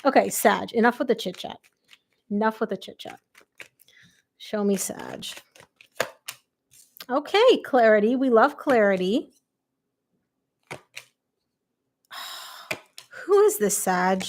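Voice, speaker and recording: A woman's voice: a little high, unhurried. Chatty woman losing her voice. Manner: chatty, excitable, quotes people aloud. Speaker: tarot reader. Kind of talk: live tarot reading.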